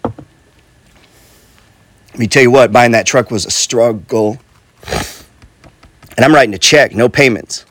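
Unhurried with long pauses, a middle-aged real estate investor and coach speaks in a medium-pitched, slightly bright voice during an informal motivational talk. He is blunt and swears, repeats himself, and keeps using "right?" and "bro." The recording is dry.

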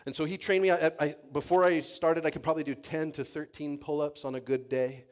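A man preaching a sermon as pastor, reading scripture and praying in a soft, low voice, and often restarting sentences by repeating words. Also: steady tone, brisk. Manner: prays and reads in a soft, low voice.

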